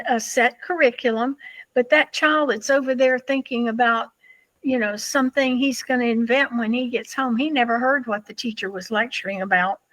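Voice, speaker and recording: A woman co-hosting a podcast, speaking earnestly and opinionated, slowing down for emphasis. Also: sits high, dry recording, rough recording. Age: older. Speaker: podcast co-host. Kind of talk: casual podcast chat.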